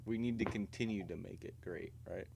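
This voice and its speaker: A man's voice: deep voice, a little fast, gravelly, noisy background. A man hosting a casual livestream video chat with strangers, rambling and profane in a provocative way. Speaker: livestream host.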